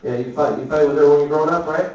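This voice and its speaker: A man doing stand-up comedy, telling a rambling, profane story and tossing quick asides to the crowd. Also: a little high, steady tone, darkish tone, far from the mic, muffled recording, slight background noise. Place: comedy club. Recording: echoey club recorded from afar.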